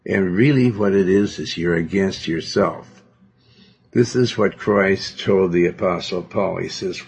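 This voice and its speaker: A man's voice: low-pitched, moderate pace, gravelly, slightly rough. A male pastor preaching a sermon in a domineering, rambling way, full of fillers. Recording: dull lo-fi recording.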